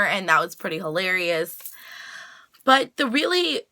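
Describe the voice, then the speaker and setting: A woman's voice: medium pitch, big pitch swings, normal speed, bright, forceful tone. A woman vlogger giving a chatty, casual recap of a TV episode, full of "like" fillers. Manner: chatty, lots of "like" fillers, acts out the characters' lines. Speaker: TV reaction vlogger.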